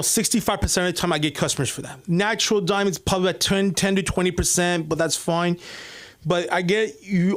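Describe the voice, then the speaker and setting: Open-mic comic, male, slightly higher voice, loose rambling delivery with constant restarts. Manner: rambling, many restarts and fillers. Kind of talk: rambling stand-up storytelling.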